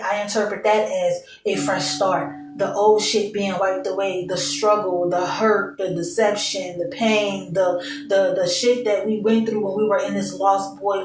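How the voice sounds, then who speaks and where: A woman's voice: mid-range voice, recorded from a distance. A young woman reads tarot for her viewers in a loose, candid way, full of slang and swearing. She sits a little back from the mic in an echoey room, and a faint hum runs underneath. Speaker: tarot reader. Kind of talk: casual tarot reading to viewers.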